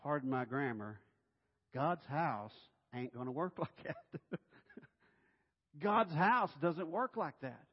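A man preaching a sermon in a church, animated and playful, dropping to a hush and then rising loud. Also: fairly high pitch, takes it slowly, pauses often. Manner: animated and playful, swinging between hushed and loud. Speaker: pastor. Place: church sanctuary. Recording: reverberant hall, dull sound.

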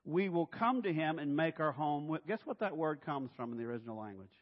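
A man preaching a sermon in a church, animated and playful, dropping to a hush and then rising loud. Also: a little high, brisk. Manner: animated and playful, swinging between hushed and loud. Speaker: pastor. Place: church sanctuary. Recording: reverberant hall, dull sound.

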